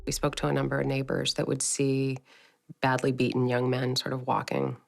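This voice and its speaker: A woman interviewed for a documentary, speaking in a flat, deliberate way. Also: rumbling low, gravelly. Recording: music bed under the voice.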